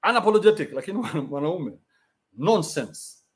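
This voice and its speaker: Kenyan guy on a stream, higher voice, blunt and sweary, ranting. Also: very animated, brisk. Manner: blunt, profane, combative. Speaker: livestream host reading donations. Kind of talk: ranting livestream commentary.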